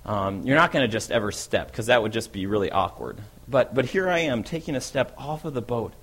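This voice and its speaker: A man's voice: mid-range voice, animated, fairly quick, fairly bright tone. A man playing a bold, eager fisherman apostle. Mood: wondering. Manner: conversational storytelling, often asks "right?". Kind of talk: first-person dramatic monologue.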